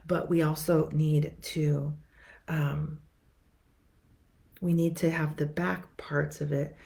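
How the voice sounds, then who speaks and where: A middle-aged woman therapist talks viewers through a lesson in a lowish, gravelly voice. She speaks conversationally, repeats and restarts her words, and briefly acts out what her clients say. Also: darkish tone. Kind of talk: teaching talk to viewers.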